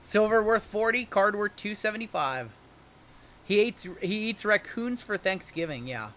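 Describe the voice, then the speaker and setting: A high, bright-voiced man runs a livestream card break, calling out every pull as it comes. He keeps the patter jokey and upbeat between cards. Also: animated, normal speed. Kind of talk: livestream card-opening commentary.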